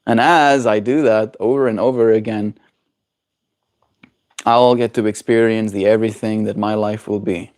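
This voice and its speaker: A man's voice: lowish voice, fairly even intonation, moderate pace, a little mellow. A man streaming live, musing in a casual way and answering his chat's questions. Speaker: daily livestreamer. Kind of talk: casual livestream chat with viewers.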